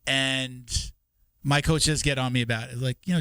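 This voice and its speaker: A man's voice: medium pitch, steady tone, brisk, a bit bright, clear, resonant tone, no echo. A middle-aged man hosting a podcast, laughing often and asking easygoing questions. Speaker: podcast host. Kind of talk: casual interview chat.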